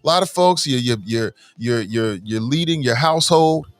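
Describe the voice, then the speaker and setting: A man hosting a morning talk show, talking to listeners in an animated, preachy, slangy way and swearing freely. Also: mid-range voice, normal speed, clean tone, dry recording, faint music behind.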